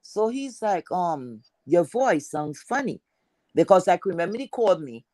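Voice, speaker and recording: A woman with a deep, heavy voice telling a personal story in a chatty, rambling way, full of fillers. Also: sing-song, measured pace, a little mellow, no echo, poor audio.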